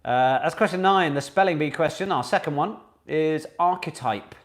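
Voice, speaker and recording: A man's voice: fairly high pitch, normal speed. A man hosting a live online pub quiz, chatting with viewers and reading out each question twice. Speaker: quiz host.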